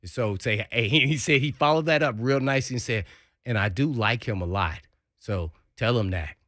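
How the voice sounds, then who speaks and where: Male storyteller on sports radio, bright and dry, acts out quotes. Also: moderate pace, dry recording. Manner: lively storyteller acting out quotes with big pitch jumps. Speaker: former NFL player telling a locker-room story. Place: radio studio.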